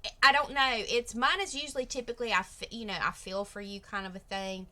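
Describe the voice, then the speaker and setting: A woman's voice: on the high side, steady tone, fast talker, pushed and bright. A middle-aged woman with a Southern US accent, chatting frankly and rambling as a reaction host. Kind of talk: casual reaction chat.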